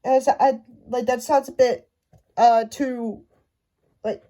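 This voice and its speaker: High-voiced halting woman ranting. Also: fairly even intonation, dark tone. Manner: halting, stumbling, many restarts. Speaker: fan commentator. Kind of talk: casual rant to camera.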